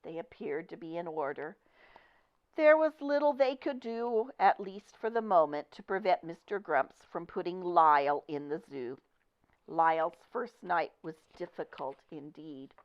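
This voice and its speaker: Slow, low-voiced woman reading a storybook. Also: clean tone. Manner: expressive, deliberate storytelling. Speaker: storybook reader. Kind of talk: reading a picture book aloud. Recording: dull lo-fi recording.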